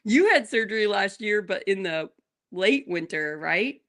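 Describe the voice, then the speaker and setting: Cheerful forties woman co-host, animated storyteller, mid pitch. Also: unhurried. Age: 40s. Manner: animated storyteller, laughs often. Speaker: morning show co-host. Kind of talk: casual chat.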